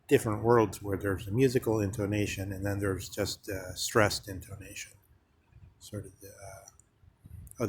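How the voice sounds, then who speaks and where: A man giving a slow, halting philosophical monologue, full of pauses and fillers. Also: fairly low pitch, a little hiss or hum. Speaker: speaker on philosophy.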